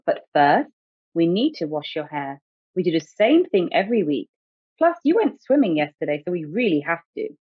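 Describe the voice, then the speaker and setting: A woman reading a storybook aloud, voicing a gentle, patient mother who speaks softly and sweetly. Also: on the low side, big pitch swings, moderate pace, breathy edge, no echo. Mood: coaxing. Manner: soft, sweet, coaxing. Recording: dry tinny phone-like sound.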